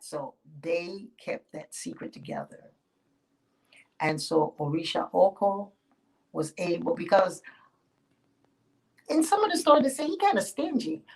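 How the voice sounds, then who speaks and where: A woman spiritual teacher telling a sacred story aloud, animated and playful, stepping in and out of character voices. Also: mid-range voice, breathy edge, rough recording. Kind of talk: oral storytelling.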